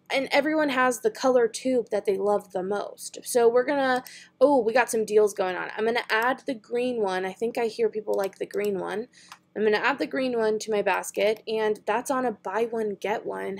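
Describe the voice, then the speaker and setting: Gravelly-voiced young woman chatting casually. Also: fairly high pitch. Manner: chatty, giggly, thinking aloud. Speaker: beauty vlogger. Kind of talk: casual online shopping chat.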